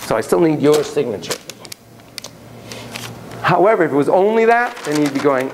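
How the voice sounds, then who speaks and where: A man's voice: on the high side, very animated, normal speed, a little mellow, a little hiss or hum, low-quality recording. A man giving a classroom lecture on parenting, acting out quoted voices and digressing with laughter. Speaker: psychology lecturer.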